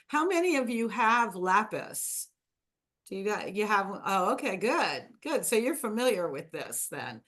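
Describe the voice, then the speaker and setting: A woman's voice: mid-range voice, fairly bright tone. A woman leads a small wellness class and talks to the group unhurriedly. She drifts from point to point in a loose, chatty way, with plenty of ums along the way. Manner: chatty, meandering, with fillers and laughs. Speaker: wellness workshop host. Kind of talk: casual teaching to a group.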